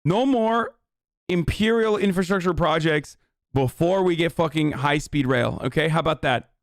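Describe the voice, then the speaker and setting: A man's voice: a little high, normal speed, no echo, studio quality. Heated, swearing political streamer man. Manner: heated, sarcastic, swears often. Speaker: streamer reacting to a news clip. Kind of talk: profane political commentary.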